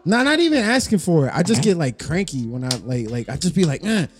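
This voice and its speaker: A man's voice: a little high, wildly swooping pitch, fast talker, faint music behind. A man co-hosting a podcast, joking around in profane casual banter and often restarting his sentences. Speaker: podcast co-host.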